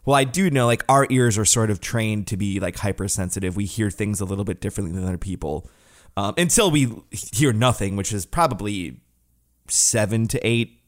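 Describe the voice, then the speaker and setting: A man's voice: lowish voice, fairly quick. A man co-hosting a podcast, chatting casually in a laid-back, wry, joking way. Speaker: podcast co-host. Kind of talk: casual chat.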